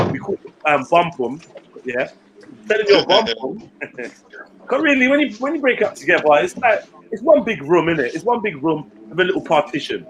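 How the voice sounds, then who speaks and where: A man tells a story in animated, blunt, slangy chat. His voice sits fairly high. There is faint noise behind him. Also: a little fast. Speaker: podcast co-host.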